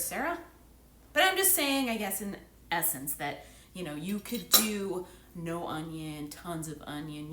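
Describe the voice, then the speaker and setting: A woman's voice: lowish voice, echoey room, background noise. A woman in her thirties chatting playfully while making a dish in her home kitchen as a cooking vlogger, with self-teasing asides. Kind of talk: casual cooking demo chat.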